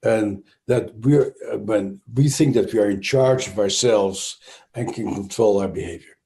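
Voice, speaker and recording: A man's voice: lowish voice, unhurried, warm tone. A man with a Dutch accent, a trauma expert speaking as an interview guest, explaining thoughtfully with frequent restarts and fillers.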